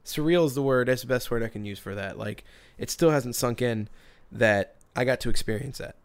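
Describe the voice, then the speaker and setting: A man hosting a podcast tells a long story in loose casual chat. He rambles, restarts his sentences and laughs as he goes, and his voice sits at an ordinary middle pitch. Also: fairly quick, clean tone.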